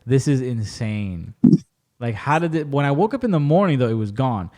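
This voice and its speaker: Animated man telling stories on a podcast. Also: mid-range voice, moderate pace. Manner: animated storyteller, swears casually. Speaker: podcast host. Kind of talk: casual chat.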